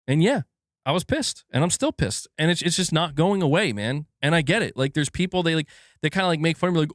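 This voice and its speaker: A man's voice: fairly high pitch, moderate pace, no room sound, studio quality. A man hosting a gaming channel, ranting on a casual livestream from home and swearing freely. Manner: animated, emphatic, swears freely. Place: alone at home.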